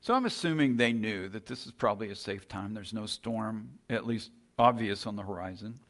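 A man with a lowish, somewhat bright voice preaches a sermon at a moderate pace. He retells a scripture story conversationally, using rhetorical questions and restarting often.

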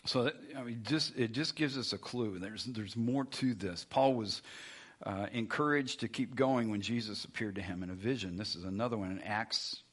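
A man's voice: lowish voice, normal speed, a bit bright, breathy edge. A man preaching a sermon in a conversational way, often restarting his sentences and adding asides. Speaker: pastor.

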